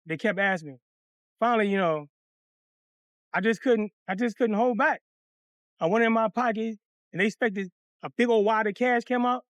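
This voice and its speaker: Male comic storyteller, profane and animated, recorded dry. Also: sits high, dry recording. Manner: animated, profane, acts out other voices. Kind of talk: comedic storytelling.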